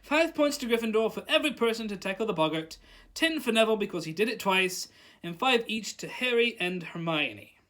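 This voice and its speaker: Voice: mid-range voice, expressive, a little fast, fairly bright tone, natural voice. A reader voicing Professor Lupin, cheerful teacher. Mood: encouraging. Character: kind, encouraging middle-aged male wizard teacher.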